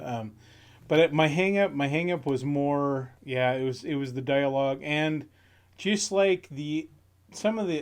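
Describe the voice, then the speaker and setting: A man's voice: mid-range voice, darkish tone. A man co-hosting a casual movie review chat, giggly and enthusiastic. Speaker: podcast co-host.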